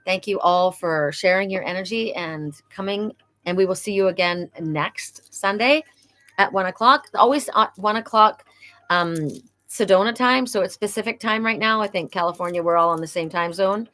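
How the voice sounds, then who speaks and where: A woman giving a casual, emotional oracle card reading on a livestream, talking warmly about fairies and her own message. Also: mid-range voice, moderate pace, dry recording. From Welsh heritage. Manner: chatty, emotional, spiritual, prone to laughing.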